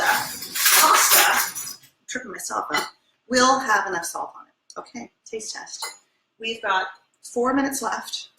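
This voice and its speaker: A woman hosting a live cooking lesson in her home kitchen, chatty and excitable as she demonstrates and tastes. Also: fairly high pitch, roomy sound, poor audio. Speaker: cooking show host.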